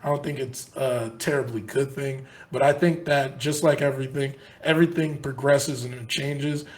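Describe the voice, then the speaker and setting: A man's voice: mid-range voice, fairly even intonation, moderate pace. Rambling earnest podcast co-host man. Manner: rambling, earnest, many restarts. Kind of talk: casual sports podcast chat.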